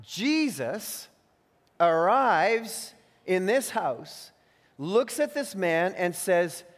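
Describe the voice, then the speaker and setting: A man's voice: high voice, sing-song, drawn-out words. A man preaching a sermon as pastor, earnest and teacherly, leaning hard on key phrases. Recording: long reverb of a large hall.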